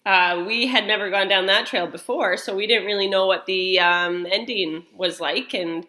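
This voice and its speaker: Woman, 30s-40s, church mom, casual storyteller, bright crisp voice, filler-heavy delivery. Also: medium pitch, normal speed. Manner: chatty, rambling, full of fillers and restarts. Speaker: mother leading a church welcome and prayer. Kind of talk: casual storytelling and spoken prayer.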